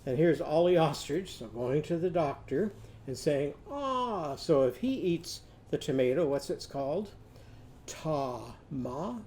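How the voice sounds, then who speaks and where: A man teaching a children's literacy lesson, modeling speech sounds slowly and leading the class to repeat them. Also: a little high, mellow, slight background noise.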